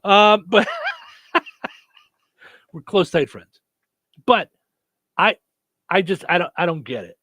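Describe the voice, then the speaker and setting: A man's voice: sits high, expressive, slow pace, pauses often, pushed and bright, dry recording. A man hosting a radio morning show, chatting casually with many fillers and restarts. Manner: rambling, lots of fillers and restarts.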